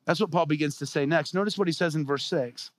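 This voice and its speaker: A man's voice: fairly high pitch, quick pace, no echo. A man preaching a sermon as a pastor, conversational and full of rhetorical questions.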